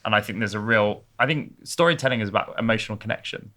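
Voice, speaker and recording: A man, a brand co-founder talking as a guest, measured and explanatory. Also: lowish voice, bright, forceful tone. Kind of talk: casual conversation.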